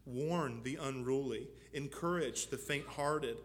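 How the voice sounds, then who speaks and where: A man preaching a sermon as pastor, moving from low, measured teaching to loud, fervent exhortation. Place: church.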